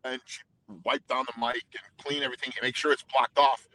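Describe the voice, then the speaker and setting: A man, a singer being interviewed, talking intensely and fast with many restarts in casual storytelling. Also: medium pitch, flat delivery, pushed and bright, dry recording, rough recording. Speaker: guest singer.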